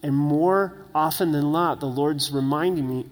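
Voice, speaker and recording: A man's voice: a little high, a little slow, hardly any pauses, long reverb tail. A middle-aged man preaching a sermon as pastor, talking in an earnest, conversational way with frequent tag questions.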